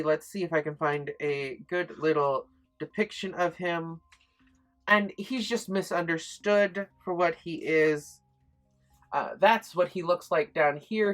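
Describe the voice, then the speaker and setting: A woman's voice: on the low side, a bit bright. A woman giving a chatty, enthusiastic spoken review of a book, with frequent ums and restarts.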